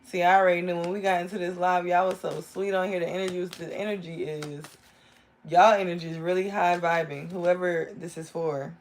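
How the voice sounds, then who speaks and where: A woman's voice: on the low side, fairly even intonation, a little fast. Enthusiastic woman giving a live tarot reading. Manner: rambling, enthusiastic, talks straight to viewers. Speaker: tarot reader.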